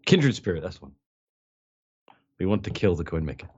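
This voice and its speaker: A man's voice: sits low, big pitch swings, fairly quick, darkish tone, slightly rough, dull audio. A man playing in a tabletop game, loose and casual, searching for his words. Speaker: player.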